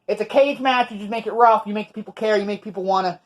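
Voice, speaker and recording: A man with a New York accent co-hosts a casual podcast chat. His voice sits a little high, and he tells his stories in a brash, profane, lively way. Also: fast. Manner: brash, profane, animated storytelling. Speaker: podcast co-host, wrestler.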